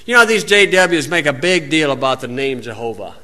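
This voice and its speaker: A man's voice: on the high side, animated, brisk, pushed and bright. A man with an American accent giving an informal, folksy Bible teaching outdoors, wandering into asides and rising to emphatic preaching.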